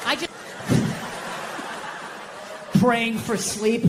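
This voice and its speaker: A man's voice: high-pitched, measured pace, pauses often, long reverb tail, a faint crowd, a little hiss or hum. A middle-aged American man doing stand-up comedy, ranting profanely in an exasperated way and acting out quotes.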